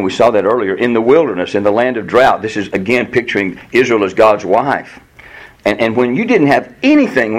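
Husky man teaching through Bible verses. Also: medium pitch, rough recording. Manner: animated, reads verses slowly and acts out voices. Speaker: preacher.

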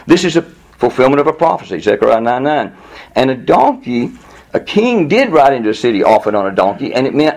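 A man preaching a Bible teaching in a conversational, animated way, often chuckling and repeating words as he goes. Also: medium pitch, a little fast. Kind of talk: sermon teaching.

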